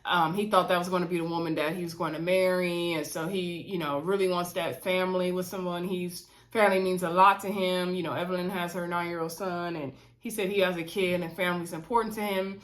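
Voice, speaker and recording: A woman casually recapping a dating show episode, chatty and animated, often calling her viewers y'all. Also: lowish voice, a little fast, few pauses.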